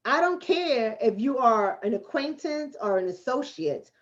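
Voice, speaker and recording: A livestream host and relationship coach from the Bronx, New York City, answers her chat bluntly and streetwise, repeating points for emphasis. Her high voice is expressive and a little slow, and the sound is lo-fi.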